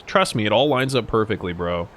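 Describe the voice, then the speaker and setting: A man's voice: on the low side, animated, brisk, a bit bright, a little hiss or hum. A young man streaming a game, rambling and joking with frequent swearing as he plays. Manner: rambling, jokey and profane. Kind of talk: casual gameplay commentary.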